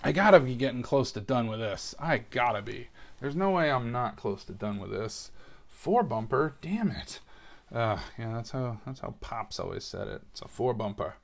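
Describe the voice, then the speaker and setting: A man's voice: mid-range voice, lively intonation, moderate pace, creaky. A young man from New England hosting a casual solo episode, chatting and rambling with lots of fillers while he builds a Lego set. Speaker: podcast host.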